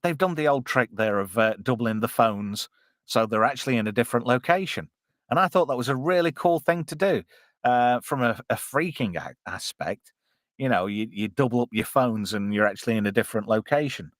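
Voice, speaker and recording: Watching a film live with his chat, this podcast host keeps things casual and chatty, cracking jokes, leaning on fillers, and reading messages aloud. He speaks in a mid-range, slightly bright voice at a somewhat quick pace. The audio is studio quality, free of echo.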